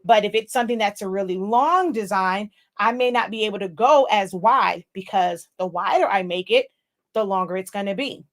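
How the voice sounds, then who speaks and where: A woman's voice: medium pitch, moderate pace. A woman hosting a casual live Q&A tutorial, talking loosely to viewers with many fillers and asides. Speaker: livestream host teaching crafting software.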